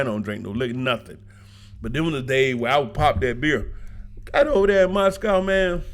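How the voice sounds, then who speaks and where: Brief: man vlogger, casual storyteller, colloquial, laughs a lot, gives blunt advice. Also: mid-range voice. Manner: animated, colloquial, laughs often, preachy asides. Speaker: vlogger giving travel advice.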